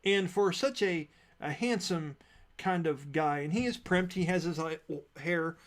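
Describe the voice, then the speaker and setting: A man's voice: sits high, measured pace. A man narrating a tabletop game as game master, describing scenes at length with frequent fillers.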